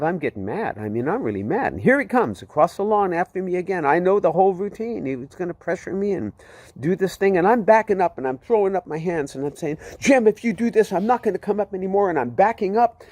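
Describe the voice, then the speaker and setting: A man's voice: a little high, darkish tone, dry recording. A man giving a heartfelt personal faith testimony, rambling with many fillers as he tells his story. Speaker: testimony speaker.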